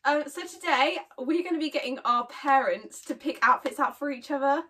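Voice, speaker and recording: A high-pitched woman hosts a casual home vlog, rambling with plenty of "like" fillers and easy giggles. She sits a bit back from the microphone, so her voice sounds distant in a bedroom. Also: moderate pace, sharp tone. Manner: chatty, lots of "like" fillers, giggly. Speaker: vlogger host. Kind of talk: casual chat.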